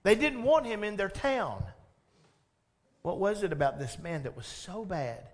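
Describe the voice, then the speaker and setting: A pastor preaching a sermon, telling the story with animated energy, asking the congregation questions and laughing along. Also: male voice, sits high, unhurried.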